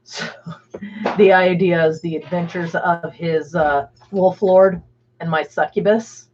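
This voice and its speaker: A woman's voice: on the low side, steady tone, slow pace, background noise. A woman hosting a livestream, chatting casually with many fillers and laughs. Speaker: stream host. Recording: dull lo-fi stream audio.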